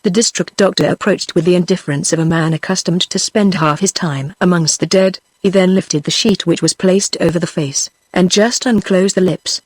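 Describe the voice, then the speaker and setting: A text-to-speech woman's voice with a British accent, reading a classic novel aloud in an even, measured way. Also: fairly low pitch, breathy edge, dry recording. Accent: British English. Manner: even, measured reading of dialogue and narration alike. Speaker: narrator. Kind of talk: synthetic audiobook narration.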